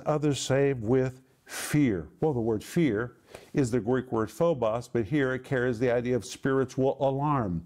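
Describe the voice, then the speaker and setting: A man preaching a sermon and teaching the meanings of Greek words. He is emphatic, repeats words in lists and draws key phrases out slowly. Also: medium pitch, darkish tone. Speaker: Bible teacher.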